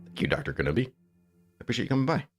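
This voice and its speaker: A man's voice: medium pitch, very animated, rapid-fire, over loud music. A man streaming a video game, chatting casually with viewers and rambling aloud between remarks on the game. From United States. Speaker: gaming streamer. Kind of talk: casual gameplay chat with viewers.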